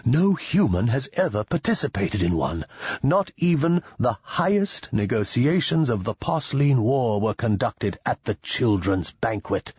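A man's voice: mid-range voice, big pitch swings, a little slow, darkish tone, husky, dry recording, muffled recording, full character voice. A man voicing an anxious male diplomat in an audiobook, speaking shakily and lecturing in a tense, raised voice.

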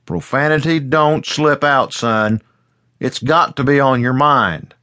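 A man's voice: mid-range voice, lively intonation, moderate pace, fairly bright tone, pitched above the performer's own voice. A man voicing a stern, strict rural father who scolds his son in plain country grammar. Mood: angry scolding.

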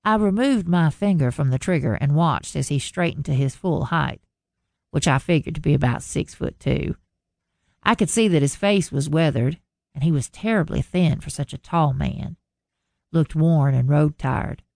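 A woman narrating a first-person contemporary romance audiobook in a measured storytelling manner. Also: low voice, vocal fry, darkish tone, no echo, studio quality.

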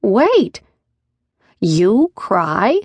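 A woman voicing a small, cheeky male creature who is always hungry and talks in a high, whiny, pleading way. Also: big pitch swings, very slow, breathy edge, no echo, full character voice. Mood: nosy.

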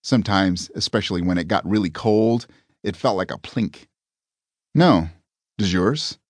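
A man's voice: low-pitched, normal speed, no room sound. A man narrating a comic audiobook with a dry, wry delivery.

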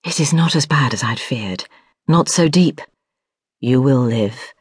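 Woman voicing a sharp, imperious noblewoman. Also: rumbling low, animated, slightly rough, no echo, studio quality, full character voice. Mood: relieved. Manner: brisk and imperious, sharp-tongued. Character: proud, commanding noblewoman, sister of an earl.

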